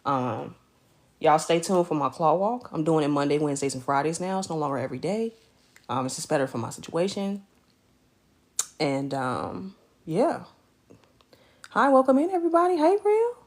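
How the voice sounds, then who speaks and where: A woman's voice: deep voice, normal speed, pauses often. Slangy woman chatting from bed. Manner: animated, slangy, greets viewers by name. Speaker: live streamer. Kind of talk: casual livestream chat. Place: lying in bed at home.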